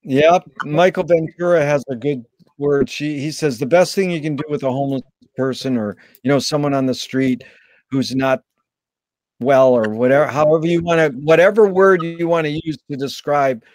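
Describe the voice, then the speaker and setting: A male interviewer with a fairly high voice, recorded close and dry. He keeps the talk going with encouraging short affirmations. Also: normal speed, darkish tone, dry recording, low-quality recording. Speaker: interviewer host. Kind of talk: casual conversational interview.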